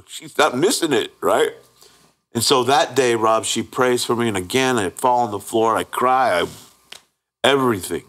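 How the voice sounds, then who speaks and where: A man's voice: medium pitch, normal speed, fairly bright tone. A man sharing his personal testimony as a guest, telling it candidly and plainly, often checking in with "right?" and acting out the voices of people in the story. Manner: earnest storyteller who acts out the quoted voices; plain-spoken with frequent restarts and 'right?'.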